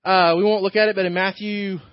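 A man gives a sermon from the pulpit in a conversational preaching style, often asking rhetorical questions. His voice sits high for a man. The recording is dull and lo-fi, and the sound is dry, with almost no room echo. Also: level tone, brisk. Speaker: pastor.

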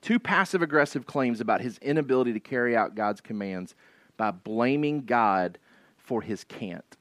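A man's voice: medium pitch, animated, moderate pace, no room sound. A male pastor preaching an expository sermon in a conversational way, often asking "right?" and repeating key phrases for emphasis.

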